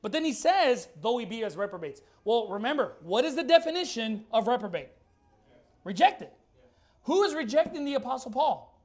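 A man preaching a sermon, firing rhetorical questions and reading scripture slowly and deliberately. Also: extremely high pitch, sing-song. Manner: emphatic, fires rhetorical questions.

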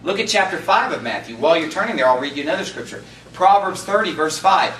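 Bright-voiced fervent preacher man, echoey church. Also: on the high side, lively intonation, a little hiss or hum. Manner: preaching, fervent emphasis, reads scripture slowly. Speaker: pastor. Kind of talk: sermon. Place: church sanctuary. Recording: echoey church room, mic at a distance.

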